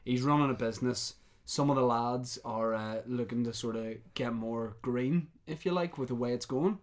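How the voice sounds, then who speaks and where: A man co-hosting a podcast, calmly briefing his partner for a prank call with dry jokes. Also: mid-range voice. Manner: deliberate, joking, setting up a prank. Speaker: podcast co-host. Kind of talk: casual chat.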